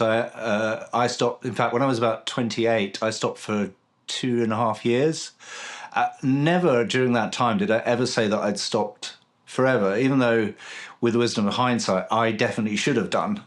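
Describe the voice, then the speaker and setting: A man in his forties hosting a casual interview, telling a personal story in an earnest, reflective way. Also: medium pitch. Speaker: podcast host.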